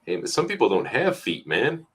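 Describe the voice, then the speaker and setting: A man's voice: mid-range voice, wildly swooping pitch, normal speed, slightly rough. A man co-hosting a podcast, talking in an easygoing, reflective way with wry humor. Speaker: podcast co-host. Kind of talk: casual podcast chat.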